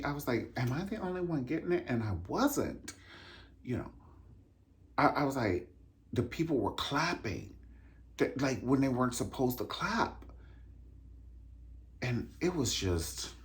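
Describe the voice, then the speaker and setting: A man vlogging casually, animated and chatty, calling his viewers honey and singing out drum rhythms. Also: lowish voice. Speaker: vlogger reviewing a dance concert. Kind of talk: casual chat.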